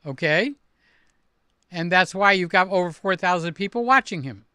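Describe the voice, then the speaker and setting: Older guy rambling on a livestream, bright clear voice, slow and chatty, gets excited giving shout-outs. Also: high-pitched, no echo, clean studio sound. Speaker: livestream host. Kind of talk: casual livestream chat.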